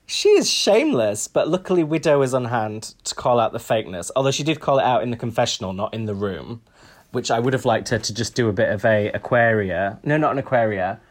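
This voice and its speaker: A man's voice: mid-range voice, animated, a little fast. A man co-hosting a podcast in casual chat, wry and chatty with frequent ums. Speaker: podcast co-host.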